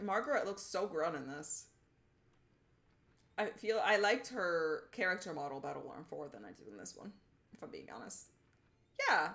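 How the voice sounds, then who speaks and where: A young woman streaming a game live, chatting casually with her viewers in a bubbly, giggly way as she plays. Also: on the low side. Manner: bubbly, giggly and animated, greeting chat by name. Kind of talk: casual live-stream chat while gaming.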